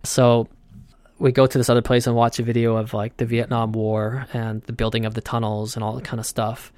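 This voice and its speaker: A male podcast host tells a travel story casually, with plenty of animation. His voice is mid-pitched, and the recording is close and dry. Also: fairly quick, no room sound. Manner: animated, acts out his own thoughts.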